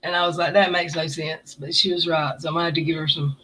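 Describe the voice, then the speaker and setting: A woman's voice: low voice, little pitch movement, rapid-fire, bright, forceful tone, slightly rough. Woman, livestream host, casual rambling chat, jokey. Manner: jokey, rambling, self-mocking.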